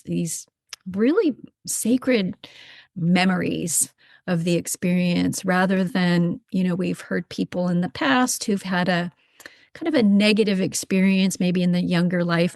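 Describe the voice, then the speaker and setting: A woman guest who works as an end-of-life doula, answering in a gentle, reflective way. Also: on the low side, no room sound, clean studio sound. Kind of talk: interview answers.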